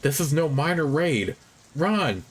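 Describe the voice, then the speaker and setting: A man's voice: fairly high pitch, big pitch swings, a little slow, slight background noise, pitched above the performer's own voice. A man voicing an earnest, guarded young woman scout, reading her lines in a clipped, matter-of-fact way. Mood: alarmed.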